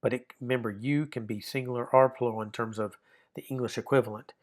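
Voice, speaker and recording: A man's voice: mid-range voice, steady tone, quick pace. A man gives a recorded online grammar lesson in a mid-range voice. He explains patiently and step by step, often restating a point before moving on. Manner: explanatory, repeats and rephrases himself with fillers. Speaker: Greek grammar teacher.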